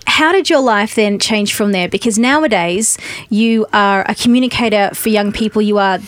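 A woman in a mid-range voice interviews a guest. She asks friendly, measured questions. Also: mid-range voice.

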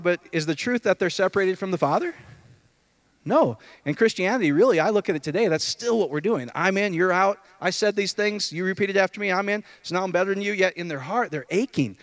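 Guy preaching loose and chatty, keeps asking the room stuff, voice shoots way up then drops low, kinda high voice, dry close sound. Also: fairly quick, dry recording. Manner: animated, jumps between loud high outbursts and low murmurs; conversational, asks the room questions. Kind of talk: informal sermon to a group.

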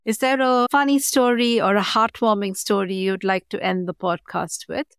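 A woman's voice: medium pitch, fairly even intonation, normal speed, fairly bright tone, clean tone, dry recording, studio quality. A woman hosting a podcast, upbeat and encouraging, who interviews a guest and then reads a scripted sign-off. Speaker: podcast host.

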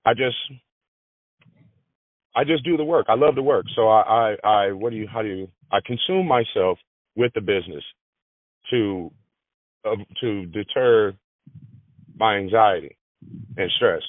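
A man's voice: fairly low pitch, measured pace, pauses often, no room sound. Man on a tinny phone line. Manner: repeats words, restarts phrases. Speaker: granite business manager. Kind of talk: interview conversation. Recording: dry, tinny phone-like audio.

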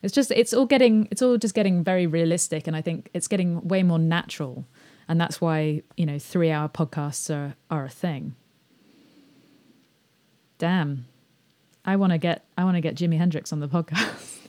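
Woman, lowish voice, podcast host, hesitant and giggly in loose conversation. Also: normal speed, mellow. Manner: hesitant, laughs often, many fillers. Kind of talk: casual conversation.

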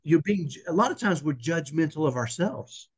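Husky, earnest high-voiced man. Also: lively intonation, normal speed. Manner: earnest, emphatic, preacherly, repeats himself. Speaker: podcast guest. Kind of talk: conversational faith interview.

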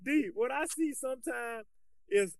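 A man's voice: very high voice, a little slow, vocal fry, no echo. A man co-hosting a podcast, talking casually and animatedly about coaching, with loose restarts. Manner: animated, colloquial, restarts often. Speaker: podcast co-host, basketball coach.

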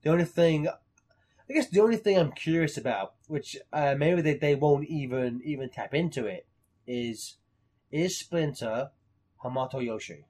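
Husky, animated young man chatting. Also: fairly high pitch, unhurried. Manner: animated, swears freely, acts out quoted lines. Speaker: podcast co-host. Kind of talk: casual chat.

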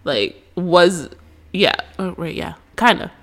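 A woman's voice: lowish voice, lively intonation, takes it slowly, a bit bright. A young woman co-hosting a podcast, talking casually with lots of fillers and frequent laughter. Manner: chatty, many fillers, laughs often. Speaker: podcast co-host. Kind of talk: casual chat. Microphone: headphones and mic.

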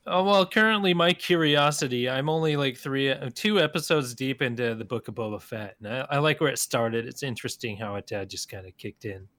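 A man's voice: mid-range voice, brisk, few pauses, fairly bright tone, no echo. A man co-hosting a casual podcast chat in an easygoing, joking way. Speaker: podcast co-host.

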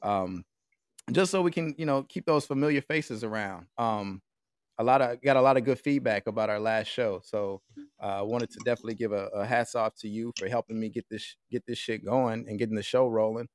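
A man's voice: on the low side, brisk, no room sound, clean studio sound. An American man hosting a podcast remotely, talking in a laid-back, slangy way with lots of fillers. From United States. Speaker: podcast host. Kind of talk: casual podcast chat. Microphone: remote call with a mixer.

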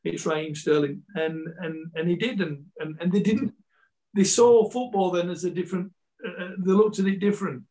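A man's voice: high-pitched, normal speed, mellow, low-quality recording. A man with a Yorkshire Scottish accent, a football coach chatting as a guest, rambling with many repeats and restarts. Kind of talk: casual chat, storytelling.

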